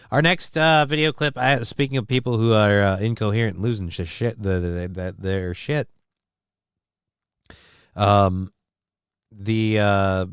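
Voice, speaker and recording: This male livestream host has a medium-pitched, slightly bright, clean voice, recorded with no echo in clean studio sound. Though sick, he runs a casual stream, crudely rambling, reacting to clips and reading chat aloud.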